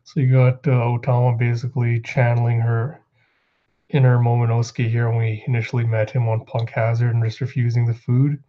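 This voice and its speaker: A man's voice: medium pitch, monotone, a little fast, muffled recording. A man hosting his own channel, casually recapping a manga chapter and reading the characters' lines aloud. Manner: rambling, reads character lines aloud in quotes.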